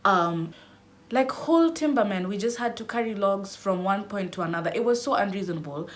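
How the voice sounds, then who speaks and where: A young woman vlogger telling a dramatic storytime, squealing into high cries as she acts out her panic. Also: lively intonation, a little fast. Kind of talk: animated storytime.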